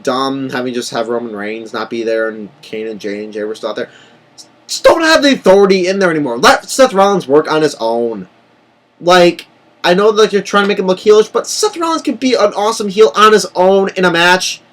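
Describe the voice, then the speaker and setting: A man giving a casual wrestling review who gets excitable and breaks into loud, swearing rants. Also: a little high, low-quality recording.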